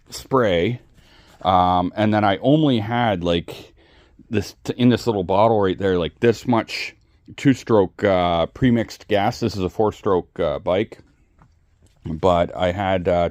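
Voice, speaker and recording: A man chatting casually in his home garage, rambling, swearing freely and filling pauses with ums. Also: low voice, dry recording. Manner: rambling, profane, relaxed, many ums. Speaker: hobby video creator.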